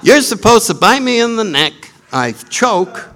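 A man voicing a panicked, then indignant, man who plays a Christian in an arena, shrieking and ranting in a high voice. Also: very animated, a little slow, fairly bright tone, full character voice.

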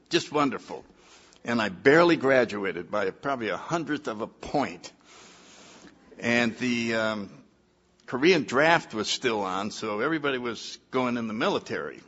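Older man, wry bright-toned storyteller. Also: medium pitch, highs cut off. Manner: wry, anecdotal, self-mocking humor. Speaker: recovery meeting speaker. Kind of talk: personal testimony storytelling.

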